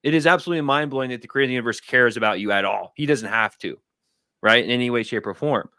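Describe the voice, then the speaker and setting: A man in his thirties chatting casually on a livestream. He rambles through personal stories and acts out his friends' lines in a higher voice. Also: rapid-fire, pushed and bright, no echo, clean studio sound. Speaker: guest. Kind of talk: casual storytelling conversation. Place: home studio.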